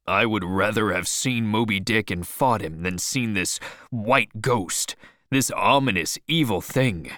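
Brief: narrator reading a foreboding sailor, low and slow, storybook reading, dry sound. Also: male voice, animated, a bit bright, no room sound. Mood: uneasy. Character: grim, uneasy male first mate.

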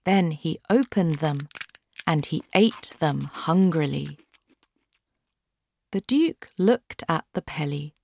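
A woman reading a simple storybook aloud for learners, with clear, deliberate delivery. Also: deep voice, expressive, a little mellow. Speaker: audiobook reader. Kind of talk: graded-reader storybook narration.

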